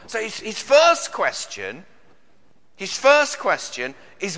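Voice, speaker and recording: A British man preaches a sermon with a high, animated voice that climbs and falls widely. His tone is bright, and he asks earnest questions while often repeating his words. The sound rings with the long reverb of a church hall. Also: takes it slowly, long pauses. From Britain.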